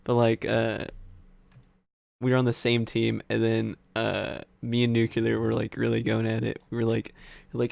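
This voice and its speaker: Gravelly young man reminiscing with laughs. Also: medium pitch, level tone, a little slow, a little mellow, dry recording. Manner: laughing trash-talker, swears freely. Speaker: podcast co-host. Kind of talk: casual chat.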